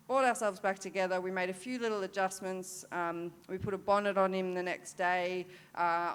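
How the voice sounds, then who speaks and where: A woman's voice: fairly low pitch, clear, resonant tone. An Australian woman in her thirties, a para-dressage rider, candidly telling a story at a forum, with many fillers and restarts.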